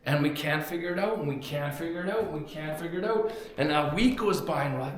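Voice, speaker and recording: Animated young male pastor, echoey church. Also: a little high, fast talker, few pauses, a little hiss or hum. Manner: animated, lively storyteller acting out quotes. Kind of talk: sermon with storytelling.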